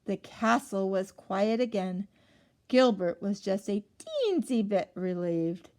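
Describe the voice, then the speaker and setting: Animated woman reading a picture book aloud. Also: medium pitch, slow. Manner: animated, asking questions, gasping. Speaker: storyteller.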